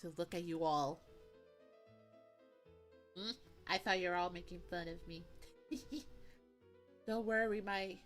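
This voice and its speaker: A woman's voice: fairly low pitch, fairly even intonation, takes it slowly, pauses often, a bit bright, faint music behind. A young woman streamer chatting with her viewers in a giggly, playful way, with teasing mock pouts. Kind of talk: casual live-stream chat.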